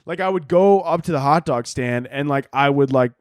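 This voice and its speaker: A man's voice: a little high, normal speed, clear, resonant tone, no echo, studio quality. Crude, rambling young man podcasting. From Chicago area, United States. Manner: crude, joking, rambling with many fillers. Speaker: podcast host. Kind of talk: casual solo podcast rant.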